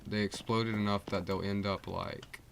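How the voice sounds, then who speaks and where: A man's voice: fairly low pitch, steady tone, moderate pace, gravelly. A teenage male streamer rambling casually while playing a game, full of fillers and restarts. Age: teens. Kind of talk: rambling gameplay livestream chat. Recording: loud background noise.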